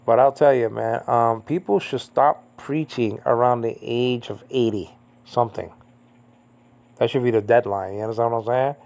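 A man in his fifties, from Puerto Rico, giving an informal Bible teaching, rambling with lots of "I mean, you know" and jumping to a high emphatic pitch on key points. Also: fairly even intonation, moderate pace, creaky, darkish tone. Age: 50s.

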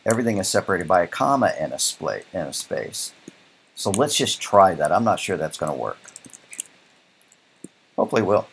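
A man's voice: low-pitched, big pitch swings, normal speed, gravelly, long pauses, a little hiss or hum. A man teaching a programming lecture while coding live, thinking aloud in a casual way and often checking in with "right?". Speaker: programming instructor.

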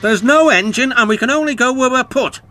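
A man voicing a group of cross freight trucks in a children's cartoon, sounding shrill and mocking. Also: a little fast, pushed and bright. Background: background music.

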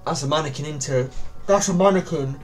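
A man's voice: a little high, fairly quick, a little hiss or hum. A young man, commenting on a horror game in a panicky, pleading way, with yelps and nervous laughs. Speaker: gaming YouTuber.

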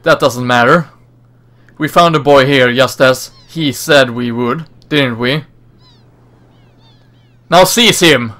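A man's voice: medium pitch, slow pace, long pauses, pushed and bright. A man voicing a stern male knight commander who gives curt, bossy orders.

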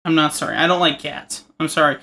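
A man's voice: on the high side, fairly even intonation, fast, vocal fry, pushed and bright. Man rambling jokingly while drawing. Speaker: art tutorial host. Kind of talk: casual narration while drawing.

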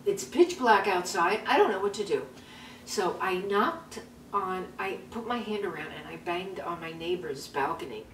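A woman's voice: on the low side, expressive, moderate pace, a bit bright. A chatty woman in her seventies tells a story from home, repeating herself and laughing nervously. Her voice sits a little back from the mic in a roomy space. A faint hiss runs underneath. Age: 70s. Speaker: vlog host. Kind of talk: casual storytelling. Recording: roomy sound from a distance, faint noise.

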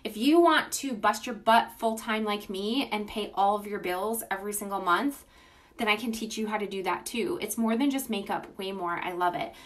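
Pitching her beauty business on a casual phone livestream, this woman greets each viewer by name. She's gushing and enthusiastic, keeps things informal, and talks at a normal speed.

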